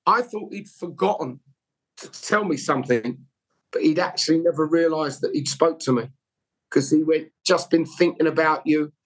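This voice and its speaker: Male guest, husky higher voice, rambling candid storyteller. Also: moderate pace, rough recording. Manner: rambling anecdotal, with emotional candour. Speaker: interview guest. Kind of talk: conversational storytelling.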